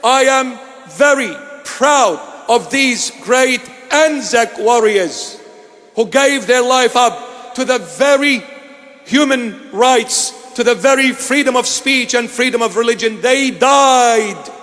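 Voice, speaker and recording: Man, from Iraq, preacher, high voice, emphatic, deliberate, sermon address, echoing church hall. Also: a bit bright. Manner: emphatic, deliberate, with repeated phrases. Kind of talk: impassioned sermon-style address.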